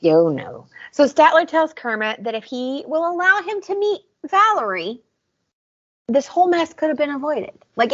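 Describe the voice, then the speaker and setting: A woman with a Southern US accent chats casually as a podcast co-host and goes over scenes in detail. Her pitch rises and falls a lot. The audio is dull and lo-fi. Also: sing-song, normal speed, a bit bright. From American South. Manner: chatty, recaps scenes in detail. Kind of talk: casual chat.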